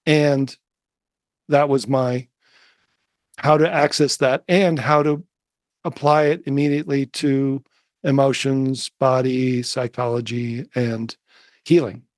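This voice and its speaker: A middle-aged man, a meditation teacher, telling a personal story in a soft-spoken, musing way with many fillers and restarts. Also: medium pitch, level tone, takes it slowly, pauses often, no room sound. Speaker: interview guest, meditation teacher. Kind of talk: reflective storytelling.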